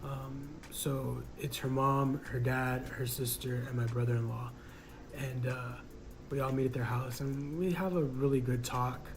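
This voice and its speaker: A man's voice: mid-range voice, level tone, a little slow, noisy background. A man casually telling a personal story in a reflective, hesitant way, full of fillers.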